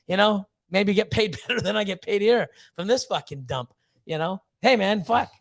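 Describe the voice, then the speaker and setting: A man with a notably high voice rants on a livestream, blunt and profane. He pushes hard with fired-up motivational talk and swears constantly. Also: normal speed, vocal fry. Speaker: snake breeder hosting a livestream. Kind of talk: livestream rant.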